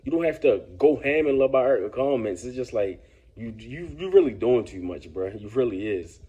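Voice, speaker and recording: Laid-back male vlogger, husky and mellow, casual lecturing commentary. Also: mid-range voice, lively intonation, brisk, dull audio. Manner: laid-back, lecturing, peppers talk with "man" and "bruh".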